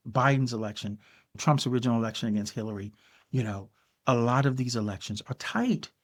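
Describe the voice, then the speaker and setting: An older man hosting a podcast, giving solo political commentary in an emphatic way and addressing the listener directly with frequent "okay"s. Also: medium pitch. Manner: emphatic, talks straight to the viewer with frequent "okay"s. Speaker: podcast host.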